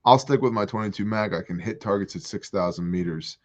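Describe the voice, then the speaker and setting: A man hosting a casual livestream from a porch, reading viewer comments aloud and answering them with animated jokes. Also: fairly low pitch, fairly quick. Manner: joking, animated, reads chat aloud. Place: outdoors on a porch.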